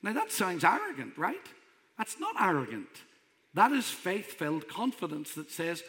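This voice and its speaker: Male pastor, emphatic conversational preacher, bright voice, reverberant hall. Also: high voice, wildly swooping pitch, normal speed. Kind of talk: sermon.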